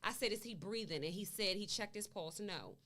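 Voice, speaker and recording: The interview guest, a mother, sounds animated and sharp in a mid-range voice at a moderate pace. She recounts events at length conversationally, performing the quoted lines of dialogue in her story.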